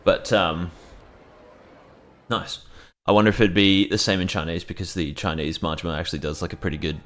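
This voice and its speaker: A man's voice: low-pitched, fairly even intonation, a little fast, a bit bright. A young man giving casual, joking let's-play commentary, rambling and swearing freely as he plays. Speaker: gameplay commentator.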